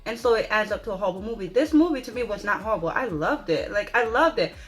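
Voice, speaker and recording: Highly animated, emphatic woman reviewer. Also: fast talker, faint music behind. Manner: dramatic, emphatic, repeats "okay?" for emphasis. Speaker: movie reviewer. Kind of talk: animated spoken movie review.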